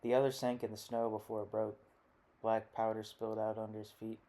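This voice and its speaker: Low flat-voiced male audiobook narrator. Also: brisk.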